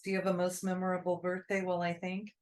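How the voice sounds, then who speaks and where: A woman co-hosting a casual chat about cross-stitching, talking in a relaxed, conversational way. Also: lowish voice, fast talker.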